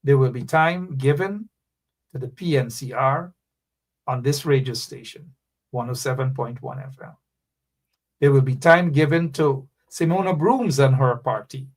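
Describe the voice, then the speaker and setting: An unhurried radio show host speaks at a medium pitch during his live political talk show. In an animated, preachy manner, he reads viewer comments aloud, calls out names, and leans on repeated phrases to rally listeners.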